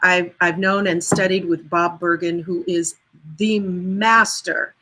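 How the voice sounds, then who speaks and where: A woman singer and vocal coach chatting as a guest on a video call, enthusiastic and animated, and quick to slip into voices. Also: lowish voice, poor audio. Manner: enthusiastic, animated storyteller who slips into voices. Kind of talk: casual interview chat.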